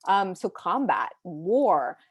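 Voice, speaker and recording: A woman's voice: fairly low pitch, sing-song, slow pace, slightly rough, no echo. Woman teacher, recorded lecture, explanatory, keeps asking "right?", dry close sound. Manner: explanatory, frequent "right?" check-ins.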